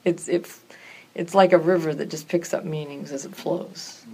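A woman's voice: low-pitched, fairly even intonation, moderate pace, warm tone, slight background noise. A woman in a group Bible discussion who explains scripture thoughtfully and often restarts her sentences. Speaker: Bible study participant.

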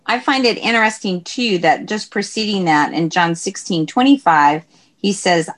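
A woman's voice: medium pitch, normal speed. A woman in a casual Bible discussion, talking through verses conversationally. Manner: conversational, frequent soft affirmations.

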